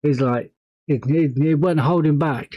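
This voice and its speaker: A man's voice: a little high, a little slow, highs cut off. Rambling man reacting to a song. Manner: rambling, swears, laughs often. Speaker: music reaction host. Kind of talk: casual reaction commentary.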